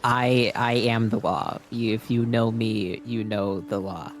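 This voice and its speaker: A man's voice: on the low side, fairly even intonation, soft background music, close to an everyday voice. A man voicing a short, pompous male half-elf who solemnly proclaims himself the blade of the law. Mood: grandiose. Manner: grandiose, slow and solemn declamation.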